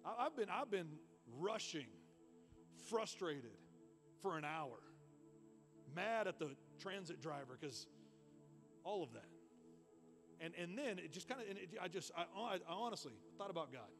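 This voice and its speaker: High-voiced man preaching a sermon. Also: a little slow, long pauses, soft background music. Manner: energetic storytelling, repeats words when excited. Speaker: pastor. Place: church.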